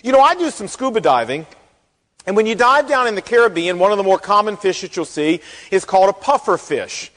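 A man preaching a sermon as pastor, folksy and animated, acting out the quotes in the story. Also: high voice, a little fast. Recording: long hall reverb.

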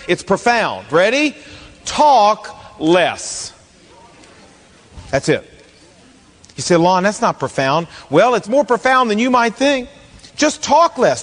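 Male pastor, high voice, humorous self-mocking storyteller, sermon in a reverberant hall. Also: a bit bright.

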